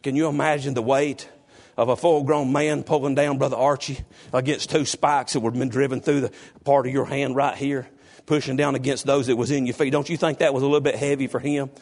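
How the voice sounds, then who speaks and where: A middle-aged man preaching a sermon, calling on his congregation by name and rising to loud exhortation. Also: mid-range voice, little pitch movement, fairly quick. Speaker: pastor.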